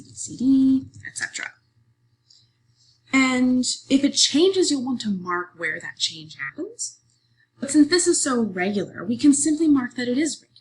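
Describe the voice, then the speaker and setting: A woman teacher walking students through a lesson, patient and explanatory, checking in often with "okay?" and pausing on fillers. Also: high voice, darkish tone, slightly rough, rough recording. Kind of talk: screen-recorded lesson walkthrough.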